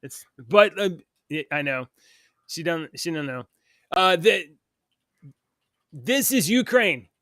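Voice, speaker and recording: A man's voice: a little high, sing-song, slow pace, long pauses, a bit bright, no room sound. A man co-hosting a morning talk show, reading news aloud and ranting about it with scorn. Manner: heated, scornful, reads news aloud then rants. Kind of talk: opinionated political rant.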